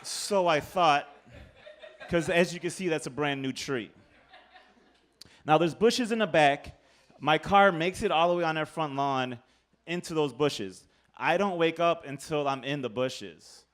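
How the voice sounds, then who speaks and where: A man telling a comic true story on stage, animated, profane and laughing at himself. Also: on the high side, unhurried. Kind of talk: live comedic storytelling.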